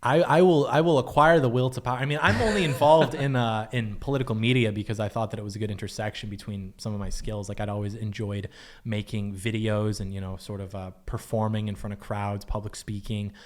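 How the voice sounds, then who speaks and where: Fast-talking wry young man. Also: lowish voice, steady tone. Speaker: guest, political video maker. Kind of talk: casual podcast chat.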